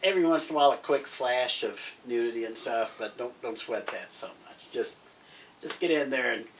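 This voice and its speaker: A man's voice: medium pitch, moderate pace. A man co-hosting a podcast, rambling cheerfully as he recommends TV series in casual chat. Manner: chatty, rambling, grows excited. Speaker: podcast co-host. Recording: distant mic, faint background noise.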